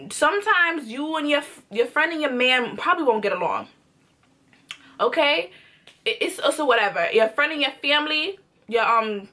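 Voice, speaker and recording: Bright, sassy woman vlogger. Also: a little high. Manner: emphatic, repetitive, sassy. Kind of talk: storytime chat.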